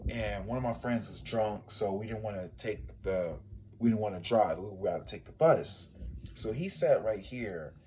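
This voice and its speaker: A man who is a psychic tarot reader, telling a story to his livestream viewers in a casual, animated way, swinging from hushed to loud. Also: lowish voice, normal speed, lo-fi sound, slight background noise.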